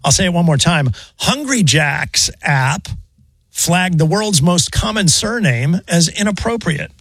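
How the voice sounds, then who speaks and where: A man's voice: high-pitched, normal speed, husky, no room sound. Wry male radio co-host, dry studio. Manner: wry, bemused, steers the segment. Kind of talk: casual morning radio banter. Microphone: studio microphone.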